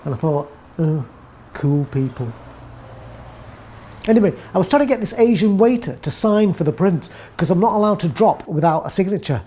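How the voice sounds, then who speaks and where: A woman with an English accent delivering a wry, deadpan first-person comic monologue as a narrator. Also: mid-range voice, fast talker, few pauses, a little hiss or hum.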